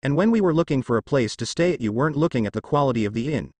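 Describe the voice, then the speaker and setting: A man's voice: medium pitch, expressive, very fast, a little mellow, dry recording, lightly acted. A man reading a story aloud and voicing a brash, cocky teenage ninja who talks bluntly and teases. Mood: sharp-witted.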